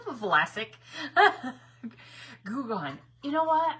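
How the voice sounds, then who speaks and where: A woman's voice: a little high, very animated, very slow, long pauses, pushed and bright, slight background noise. A middle-aged woman hosting a live crafting stream, chatting bubbly with viewers, rambling and laughing often. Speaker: craft livestream host.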